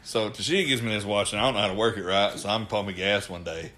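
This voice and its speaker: A man's voice: fairly low pitch, fast, sharp tone. A man, co-hosting a casual podcast chat, telling profane stories and acting out what people said. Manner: profane, storytelling with voiced quotes. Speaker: podcast co-host, former wrestler.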